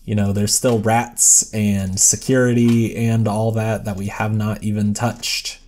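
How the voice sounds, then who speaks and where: A man's voice: on the low side, flat delivery, a little slow, a little mellow. A man giving casual, rambling gameplay commentary as a let's play host, self-deprecating and chatting to the characters on screen.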